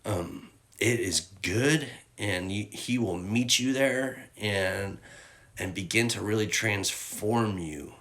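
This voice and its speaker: A man's voice: on the low side, takes it slowly, a bit bright. A man giving a casual, candid devotional talk as a youth ministry leader, rambling with slang and fillers, tearful at times.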